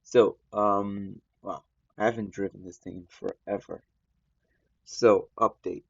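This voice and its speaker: A man's voice: fairly low pitch, gravelly, slightly rough, no room sound, lo-fi sound. A man hosting a gaming channel, chatting casually over gameplay while feeling unwell after just waking up. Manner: relaxed, rambling, slow. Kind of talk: casual game commentary.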